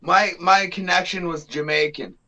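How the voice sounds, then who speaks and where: A man's voice: sits high, fairly even intonation, moderate pace, pushed and bright, lo-fi sound. A man in casual podcast chat, cursing and repeating himself. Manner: profane, repetitive interjections.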